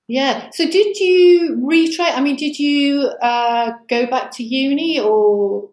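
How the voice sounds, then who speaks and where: A woman's voice: high-pitched, slow, a little mellow, echoey room, low-quality recording. A woman interviewing a guest, mostly listening with brief affirmations and asking questions. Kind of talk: conversational interview.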